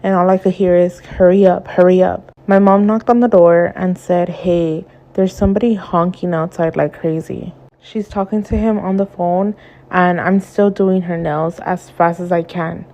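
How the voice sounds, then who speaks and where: A woman with a lowish, mellow voice tells her story about a client plainly and without fuss. The audio is dull and lo-fi, with the top end muffled. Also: fairly even intonation, normal speed. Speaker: nail tech. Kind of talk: storytime vlog.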